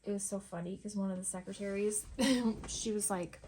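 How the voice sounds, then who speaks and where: Middle-aged woman rambling at home, chatty, lots of little laughs, medium pitch. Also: fairly even intonation, normal speed, darkish tone. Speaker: art vlogger. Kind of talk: casual chat over painting.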